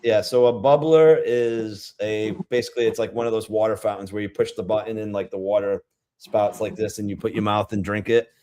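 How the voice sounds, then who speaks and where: A man's voice: on the low side, flat delivery, quick pace, darkish tone. A man with a Rhode Island accent hosting a casual beer-tasting livestream, rambling chattily with lots of fillers.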